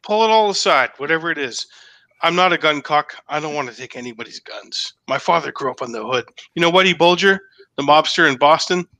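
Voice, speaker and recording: Animated man, slightly high voice, bright and edgy, swears a lot. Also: fairly quick, dry recording. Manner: excited, profane, repeats himself. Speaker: guest telling a story. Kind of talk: casual podcast chat.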